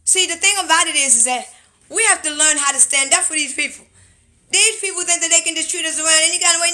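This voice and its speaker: A young woman talks straight into her phone during a livestream. Her voice sits high and sounds bright and forceful, and she tells her stories in an animated, emphatic way, repeating her points. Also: fast. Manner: animated, loud storytelling with laughter, emphatic repetition. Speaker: TikTok live streamer. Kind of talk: casual livestream storytelling and musing. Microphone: phone camera.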